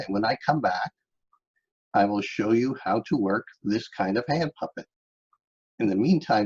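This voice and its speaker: A man from Staten Island leads a children's craft lesson in a steady, mid-pitched voice. He goes slowly and speaks right to his young viewers. The recording is a little dull, with soft music in the background. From Staten Island, New York. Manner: patient, step-by-step, talks directly to kids. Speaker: art teacher.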